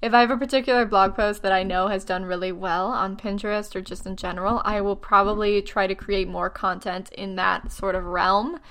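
A woman in her twenties, a little tired, talks through blogging advice in a loose vlog style. She is chatty and self-deprecating, full of fillers and quick asides, with a mid-range voice. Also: medium pitch, steady tone, fairly bright tone. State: tired, yawning.

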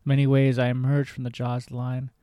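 Earnest male host reading his memoir, even delivery, dry close sound. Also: medium pitch, quick pace, no echo. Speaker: podcast host.

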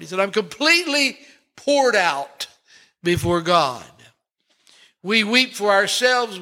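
A male pastor preaching a sermon, lingering on words with dramatic pauses and rising swells. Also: sits high, bright, forceful tone.

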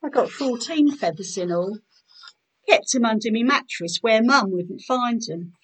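A woman's voice: fairly high pitch, lively intonation, measured pace, a bit bright, slightly rough, exaggerated voice, low-quality recording. A woman voicing a melancholic underage working-class boy soldier in a spoken poetry performance.

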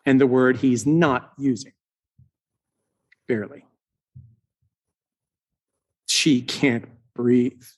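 A male preacher retelling a scripture story as a slow, dramatic sermon with long pauses. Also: medium pitch, fairly even intonation.

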